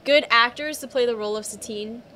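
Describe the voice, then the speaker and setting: A woman's voice: fairly high pitch, a little fast, bright, forceful tone, a little hiss or hum. Chatty woman with a raised voice. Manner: chatty, laughs easily. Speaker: podcast co-host. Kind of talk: casual chat.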